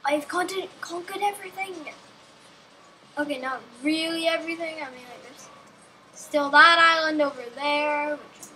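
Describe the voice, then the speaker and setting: A woman's voice: high-pitched, normal speed, pushed and bright, slight background noise, rough recording. A young woman giving casual, rambling gameplay commentary with a sarcastic streak, talking to herself and the game.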